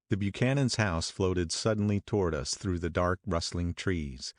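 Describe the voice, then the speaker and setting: A man narrating an audiobook in a measured, steady first-person reading. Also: sits low, dry recording, clean studio sound.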